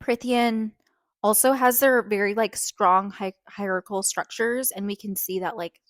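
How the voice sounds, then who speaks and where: A woman's voice: medium pitch, steady tone, moderate pace, no echo. A young woman co-hosting a podcast, chatting casually about a book with many likes and restarts. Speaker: podcast co-host. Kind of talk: casual book discussion chat.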